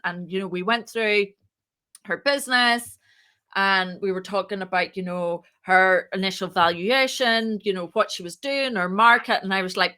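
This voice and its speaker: Bright-voiced chatty woman telling a story. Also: mid-range voice, normal speed. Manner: chatty, animated, acts out quoted dialogue. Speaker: startup co-founder, guest. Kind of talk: casual storytelling in an interview.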